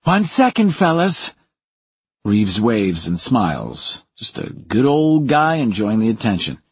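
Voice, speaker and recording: Husky, deep-voiced male narrator. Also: expressive, a little slow, no room sound. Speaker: audiobook narrator. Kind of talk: first-person thriller narration.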